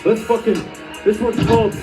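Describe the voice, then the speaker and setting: A man's voice: high voice, steady tone, normal speed, over music. A man fronting a band, cracking rambling jokes with the crowd between songs at a live bar show. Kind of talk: on-stage banter between songs. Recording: distant room mic over crowd and band.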